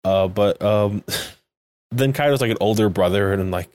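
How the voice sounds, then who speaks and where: A man's voice: on the low side, moderate pace, darkish tone, dry recording. A man co-hosting a podcast, recapping episodes in a rambling, casual way, laughing often and leaning on fillers. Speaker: podcast co-host.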